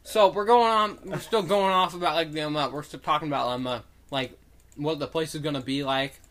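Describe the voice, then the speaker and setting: Telling a story in casual conversation, this young man speaks fairly quickly in a high, somewhat bright voice. He wanders through it with plenty of "like" and "um," acting out other people's quotes.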